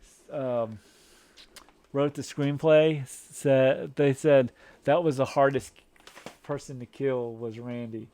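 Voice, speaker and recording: A man's voice: mid-range voice, steady tone, takes it slowly, long pauses, warm tone. A man co-hosting a casual movie review podcast, rambling with many fillers and restarts. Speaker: podcast co-host.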